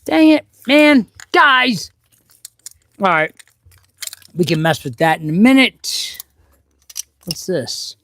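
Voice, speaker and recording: A middle-aged man, an auto mechanic hosting a casual live stream from his garage, chatting and rambling excitably as he works. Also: sits high, slow pace, creaky, pauses often. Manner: chatty, excitable and rambling, with sudden loud outbursts. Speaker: auto mechanic and channel host. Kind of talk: casual live-stream chat while working.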